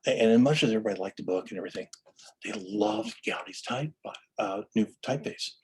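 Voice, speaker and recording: A man's voice: mid-range voice, sing-song, fast, gravelly, husky, low-quality recording. A man giving an enthusiastic lecture-style story about book history, full of restarts and stammers.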